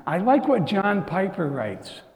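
A pastor preaches in a high voice and a slow, deliberate tempo, shifting between hushed asides and emphatic declarations. His sermon rings through a roomy sanctuary with a long reverberant tail. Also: very animated. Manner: earnest, swings from hushed to emphatic. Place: church sanctuary. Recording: echoey hall, long reverb.

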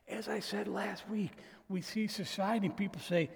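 Man pastor, slightly high, gravelly voice, casual emphatic sermon delivery, reverberant church hall. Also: steady tone, moderate pace. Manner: conversational, emphatic, with asides and quoted dialogue.

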